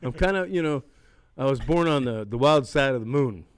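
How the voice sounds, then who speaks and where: A man's voice: mid-range voice, animated, moderate pace, clear, resonant tone, dry recording. An older man, a former actor, telling stories in a casual interview, rambling and profane, acting out other people's lines.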